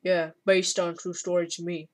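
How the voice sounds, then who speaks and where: A woman's voice: lowish voice, flat delivery, normal speed, pitched below the performer's own voice, lightly acted. A woman voicing a crude giant male wrestler who rambles through a story. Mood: rambling.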